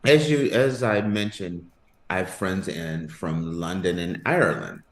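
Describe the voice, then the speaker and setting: Man, podcast host, casual laughing chat, low lively voice, echoey room. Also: a little slow. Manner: laughing, rambling conversational. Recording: roomy echo.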